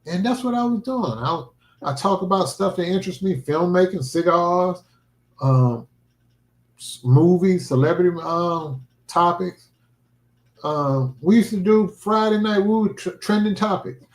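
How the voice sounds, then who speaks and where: A man livestreams a vlog, speaking about faith and his own life in an earnest, emphatic, almost preacherly style. His voice sits high and animated, though a little slow, and the room gives it a noticeable echo. It feels like casual, heartfelt livestream talk.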